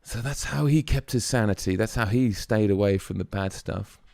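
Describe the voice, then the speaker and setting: A man's voice: fairly low pitch, normal speed, vocal fry, a little mellow, no room sound, clean studio sound. A man hosting a music reaction video, musing aloud in a casual, chatty way with plenty of fillers.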